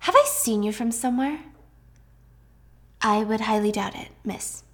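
A woman's voice: on the high side, measured pace, a bit bright. A woman voicing a haughty rich heiress who talks down to people in a dismissive, condescending way.

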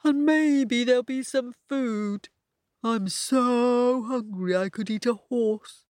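A woman's voice: on the high side, no echo, pitched above the performer's own voice. A woman voicing a hungry, good-natured male donkey who leads the animals in a storybook tale. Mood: cheerful. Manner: hushed, drawn-out when whispering.

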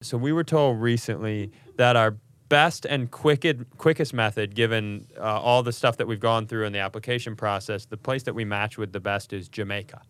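A man co-hosting a comedy podcast, telling a story in casual chat and slipping into quick silly voices. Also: on the low side, fairly even intonation, fairly bright tone, smooth, no echo.

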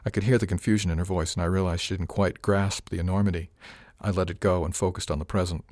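A man giving steady first-person scripted narration of an audiobook. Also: low voice, fast, dry recording, studio quality.

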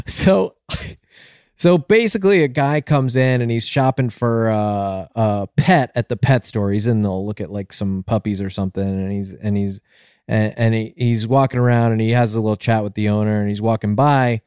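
A man's voice: a little mellow, smooth, no room sound, studio quality. A man on a podcast telling a long joke in casual chat, rambling and acting out the characters. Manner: rambling storyteller, acts out voices with big pitch jumps. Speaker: podcast co-host.

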